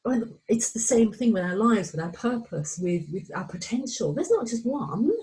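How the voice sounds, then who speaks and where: A middle-aged woman coach walking listeners through a course module, animated and excitable, often acting out inner voices. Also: a little high, normal speed, poor audio. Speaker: menopause anxiety coach. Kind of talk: recorded course walkthrough.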